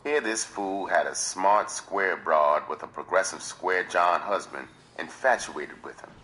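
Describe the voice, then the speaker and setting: A man reads a memoir aloud in a measured, dramatic storytelling manner. His voice is very deep yet carries a bright, tense edge. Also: slight background noise, poor audio. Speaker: livestream reader.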